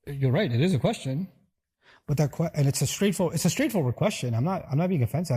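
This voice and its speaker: A man gives a religious lesson as a preacher, earnest and emphatic, stacking up lists of qualities and acting out back-and-forth exchanges in shifting voices. His voice sits a little high but stays mellow and warm. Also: animated, fast, slightly rough. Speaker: preacher and teacher.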